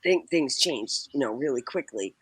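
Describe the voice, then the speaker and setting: A woman's voice: extremely low pitch, lively intonation, normal speed, slightly rough, no echo. A woman guest telling a rambling, profane story in casual chat, laughing often and acting out the people she quotes. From Boston area. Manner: laughs often, swears, acts out quoted voices.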